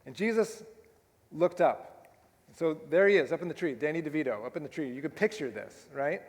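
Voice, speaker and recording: A man's voice: a little high, animated, moderate pace, in a large hall. A male pastor preaching a sermon in a conversational way, often tossing in rhetorical tag questions. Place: church sanctuary.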